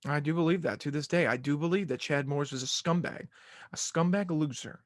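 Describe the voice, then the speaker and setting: A man's voice: fairly high pitch, fairly quick, no room sound, clean studio sound. A young man hosting a sports podcast, talking casually in rambling, self-mocking rants. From Arkansas fan, southern US.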